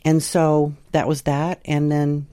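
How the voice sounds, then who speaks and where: A middle-aged woman from southern Indiana slowly recounting her dreams in a sunroom at home, pausing and restarting as she goes. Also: deep voice, little pitch movement, warm tone, no echo. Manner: unhurried, halting, with pauses and restarts. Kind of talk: reflective personal storytelling.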